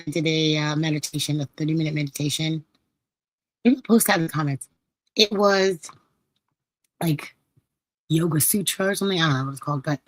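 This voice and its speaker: Hoarse, low-voiced woman podcast host. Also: no room sound, rough recording. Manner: chatty, laughing, storytelling with playful quoted asides. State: hoarse, recovering voice. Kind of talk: casual live-stream chat.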